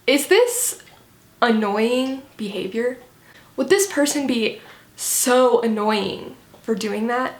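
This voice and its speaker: A woman's voice: fairly high pitch, expressive, slow, roomy sound. A woman delivering a critical, sarcastic video commentary. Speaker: commentary vlogger.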